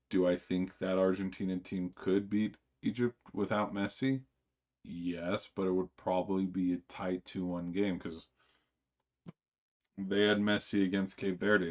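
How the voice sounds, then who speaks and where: A man with a very low voice talks casually on a live stream, rambling with fillers and restarts. The audio sounds dull and slightly muffled.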